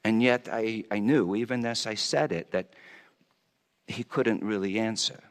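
A man's voice: on the low side, unhurried, long reverb tail, close to an everyday voice. A man playing Pontius Pilate as a conflicted Roman governor, speaking a stammering, confessional monologue in character. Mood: brooding. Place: church hall.

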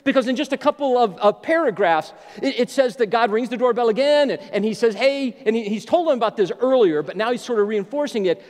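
A middle-aged male pastor with a high, very lively voice, telling stories with jokes in an animated way. His sermon rings out in a church with a long reverb. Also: fast talker, hardly any pauses. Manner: animated, joking storyteller.

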